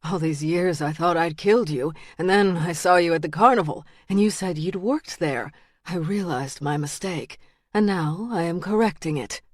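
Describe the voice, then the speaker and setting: A woman voicing a menacing male killer who speaks in a quiet, low, deliberate way. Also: no room sound, studio quality, lightly acted. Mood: cold menace. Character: menacing male killer, cold and self-righteous.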